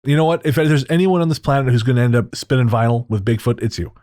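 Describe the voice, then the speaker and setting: A man hosting a podcast, talking in a relaxed, easygoing way and reading out plugs and credits. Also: medium pitch, fast, no room sound, clean studio sound. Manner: relaxed, laughs easily. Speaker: podcast host. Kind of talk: casual podcast outro and banter.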